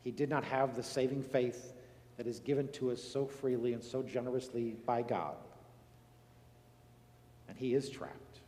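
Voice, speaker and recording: A male pastor preaching a sermon earnestly, moving between emphatic lines and hushed, solemn ones. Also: medium pitch, a little slow, long pauses. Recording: echoey hall with long reverb.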